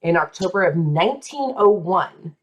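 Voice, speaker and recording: A woman hosting a podcast, telling a true story in a casual, dramatic way, with asides and quick voices for the people in it. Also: fairly low pitch, lively intonation.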